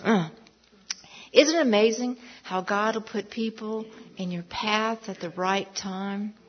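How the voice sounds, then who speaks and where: A woman's voice: medium pitch, takes it slowly. A woman giving a personal testimony at church, telling her story emphatically and sometimes dropping to a whisper. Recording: dull lo-fi recording.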